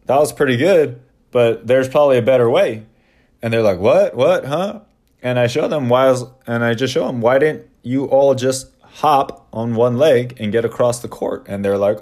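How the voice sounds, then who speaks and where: A man who coaches basketball, casually explaining his practice drills in a relaxed storytelling way with frequent fillers. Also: medium pitch.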